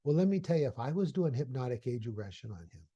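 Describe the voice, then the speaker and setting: A man teaching through an animated, folksy story as a hypnotherapy trainer. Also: mid-range voice, fast, husky, lo-fi sound. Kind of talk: storytelling lesson.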